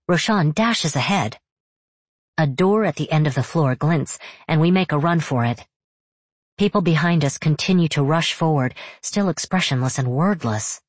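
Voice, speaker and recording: A narrator reading a first-person novel in a steady, measured storytelling voice. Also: mid-range voice, no room sound. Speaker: audiobook narrator.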